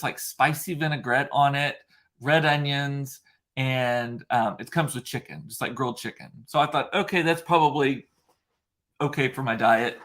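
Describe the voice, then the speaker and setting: A man's voice: medium pitch, a bit bright. Male host, casual solo chat, mid-range voice, chatty and rambling with lots of fillers.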